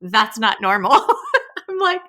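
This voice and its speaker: A woman's voice: fairly high pitch, big pitch swings, slow pace, pushed and bright. A woman in her thirties hosting a podcast from her kitchen table, chatting casually and giggling often. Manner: giggly and effusive. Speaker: podcast host. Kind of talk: casual interview chat.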